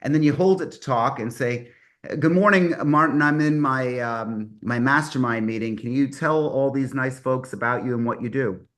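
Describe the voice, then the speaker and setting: A man's voice: medium pitch, moderate pace, a bit bright. Man, 50s, mastermind host on a video call; casual, rambly, enthusiastic. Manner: rambling, self-correcting, enthusiastic. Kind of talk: casual online meeting talk.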